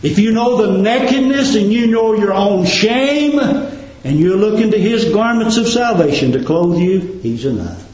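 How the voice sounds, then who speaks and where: A man preaching a sermon, fervently rising to emphatic peaks and dropping to quiet endings. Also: sits high, lively intonation, measured pace, few pauses, roomy sound, poor audio. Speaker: pastor. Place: church.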